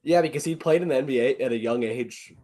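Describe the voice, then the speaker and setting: A man co-hosting a casual basketball talk show, excitable and swearing freely. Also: mid-range voice, fast. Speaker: co-host. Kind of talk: casual sports chat.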